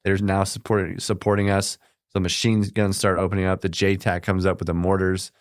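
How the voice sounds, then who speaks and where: A man's voice: sits low, level tone, a little fast, no room sound. A man from the United States, a podcast guest, telling combat stories in a plainspoken, matter-of-fact way in a studio. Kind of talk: casual storytelling in conversation.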